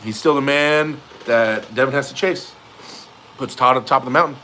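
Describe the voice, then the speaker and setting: This young male host reads viewer comments on a casual livestream, easygoing throughout, with frequent laughter and casual swearing. He speaks at medium pitch and a moderate pace with a sharp tone, over slight background noise.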